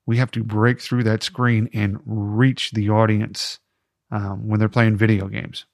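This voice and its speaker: Male podcast host, gravelly fry in the voice, casual and upbeat, dry close sound. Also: lowish voice, level tone, measured pace, darkish tone, no echo. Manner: chatty, encouraging, jokey asides. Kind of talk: casual podcast advice talk.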